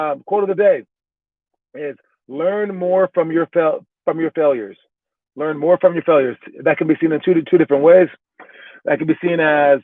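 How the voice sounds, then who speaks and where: A man talks in a loose motivational ramble, stumbling over and repeating words as he pushes his point. His voice sits a little high for a man. The sound is thin and phone-like, with no room echo at all. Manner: rambling, repeats and restarts words, pep-talk tone. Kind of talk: casual motivational talk. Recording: tinny phone-like sound, dry.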